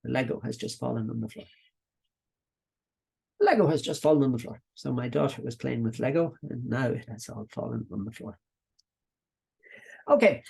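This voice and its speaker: Dublin Irish accent, middle-aged, business coaching trainer, live online session, rambling and repetitive, gravelly, slightly husky. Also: mid-range voice, warm tone. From Ireland. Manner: rambling, repetitive, breaks off into asides.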